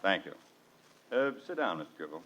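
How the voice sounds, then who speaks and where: An exasperated sitcom dad. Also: male voice, low-pitched, big pitch swings, fairly quick, fairly bright tone. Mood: irritated. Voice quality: dry sarcastic. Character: exasperated middle-aged family father, sardonic. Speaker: radio sitcom lead actor. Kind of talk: 1940s radio acting. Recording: dull old radio broadcast with hiss.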